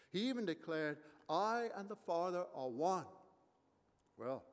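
A man's voice: high-pitched, long reverb tail. A man preaching a sermon as pastor, emphatic and full of rhetorical questions.

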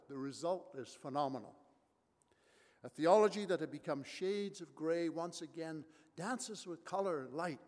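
A man's voice: a little high, in a large hall. A man preaching a sermon as pastor, emphatic and full of rhetorical questions.

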